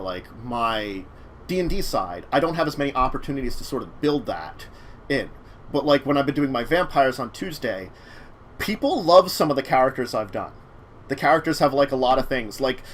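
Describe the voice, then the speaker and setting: A man's voice: medium pitch, a little hiss or hum. Rambling male talk show host. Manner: rambling, many fillers and restarts. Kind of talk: casual chat about tabletop games.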